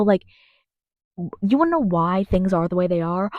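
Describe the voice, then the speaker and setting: A woman's voice: lowish voice, lively intonation, normal speed, long pauses, dry recording. A woman ranting to camera in a heated, sarcastic way, swearing often. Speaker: vlogger. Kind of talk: profane political rant to camera.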